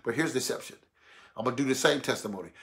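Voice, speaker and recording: A man preaching a sermon, animated and colloquial, acting out voices to make his points. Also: mid-range voice, quick pace, vocal fry. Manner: animated, mimics voices, laughs.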